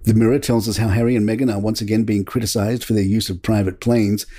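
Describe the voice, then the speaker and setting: A man hosting a podcast, reading royal news headlines from a script in a measured, steady way. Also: lowish voice. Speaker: podcast host.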